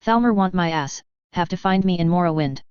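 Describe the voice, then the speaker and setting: A woman's voice: on the low side, brisk, clean tone, no echo, muffled recording, close to an everyday voice. A woman reading aloud, voicing a drunken, foul-mouthed male elf bartender who rambles about his troubles. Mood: bitter. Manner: slurred, crude, grumbling rant.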